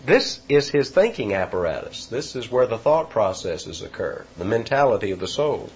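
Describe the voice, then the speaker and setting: A man's voice: fairly low pitch, very animated, normal speed, highs cut off, slight background noise. A man preaching an expository sermon, teaching verse by verse with emphatic repetitions.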